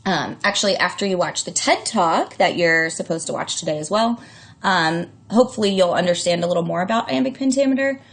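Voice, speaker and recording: A woman's voice: fairly low pitch, lively intonation, brisk, vocal fry, a bit bright. A woman teacher giving a casual recorded distance-learning lesson, with lots of fillers and self-corrections. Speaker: English teacher.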